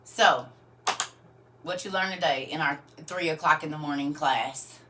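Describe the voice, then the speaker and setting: A woman's voice: deep voice, unhurried, sharp tone, slight background noise. A woman hosting a casual livestream, chatting with viewers and often laughing as she answers their comments. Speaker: livestream host.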